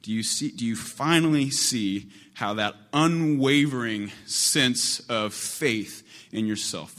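A man preaching, voicing Jesus as a calm man who presses a friend with searching questions. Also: mid-range voice.

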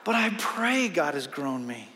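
A man's voice: fairly high pitch, sing-song, unhurried, bright, forceful tone. A man preaching a sermon as pastor, earnest and emphatic, with self-deprecating jokes. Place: church sanctuary. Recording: long reverb of a large hall.

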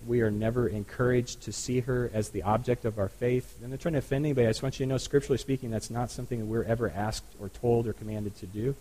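A man's voice: mid-range voice, a little mellow, low-quality recording. A man preaching a sermon to a congregation in an earnest, conversational way, often adding asides. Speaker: pastor. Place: church.

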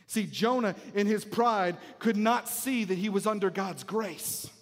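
A man preaching a sermon, emphatic and repetitive, often dropping to a near-hush to drive points home. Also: high-pitched, unhurried, few pauses. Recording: long hall reverb.

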